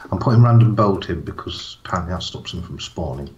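A man's voice: low voice, animated, fast talker, muffled recording, a little hiss or hum. A man chatting casually and playfully while playing a co-op game. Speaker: co-op game player. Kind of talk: casual gaming chat.

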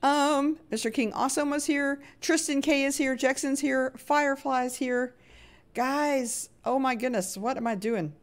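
A woman's voice: sits high, measured pace. A woman live-streaming her gameplay, chatting to viewers and greeting them by name, often laughing and humming little sound effects as she plays. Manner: chatty and expressive, hums little sound effects while playing; frequent laughs, jumps between hushed nervous asides and loud cheery greetings.

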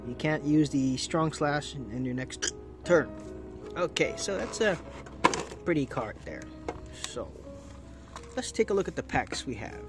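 A man with the hiccups doing chatty, easily delighted commentary while opening trading card packs and thinking aloud. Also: on the high side. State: has the hiccups. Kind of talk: casual unboxing commentary.

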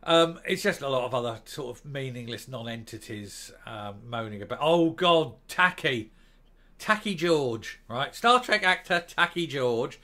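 A man's voice: medium pitch, lively intonation, measured pace, bright, forceful tone. Sarcastic man ranting. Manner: scornful, sarcastic, insulting. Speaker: commentary vlogger. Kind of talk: opinionated commentary monologue.

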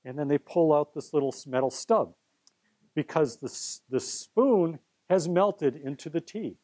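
A man's voice: on the high side, a little slow, warm tone. A middle-aged man teaching chemistry to a live class, playful and theatrical, coaxing students up to help him at the board. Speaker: chemistry professor.

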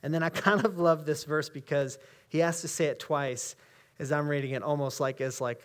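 A man with an American accent preaching in a church, his voice sitting a little higher than most men's. He talks to the congregation in an easy, chatty way, then slows down and leans into each phrase when he reads scripture aloud. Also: steady tone. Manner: conversational preaching, reads scripture slowly and emphatically. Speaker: pastor. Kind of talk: sermon. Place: church sanctuary.

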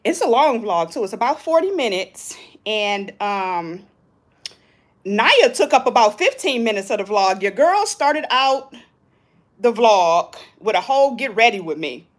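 A woman's voice: fairly high pitch, big pitch swings, measured pace. A woman chatting casually on a live stream from a hotel balcony, greeting viewers and reading their comments. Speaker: vlogger hosting a live stream.

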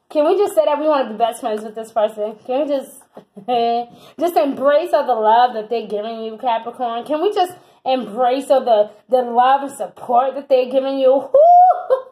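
A woman's voice: fairly high pitch, normal speed, warm tone, rough recording. A woman giving a tarot reading in an exuberant, emphatic way, repeating phrases for emphasis. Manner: exuberant, emphatic, breaks into laughs and whoops. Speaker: tarot reader.

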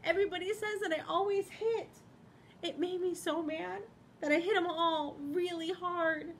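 A woman voicing a little boy hamster in a picture book read-aloud, high and crying as he pleads. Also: very animated, measured pace, darkish tone, a little hiss or hum. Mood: upset, crying. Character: little boy hamster, angry then tearful.

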